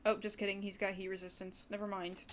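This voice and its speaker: A woman's voice: mid-range voice, level tone, quick pace, a little hiss or hum. Chatty woman streaming a game. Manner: chatty, talks to chat, drops into brief whispered asides. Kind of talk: casual gaming livestream commentary. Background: faint keyboard typing.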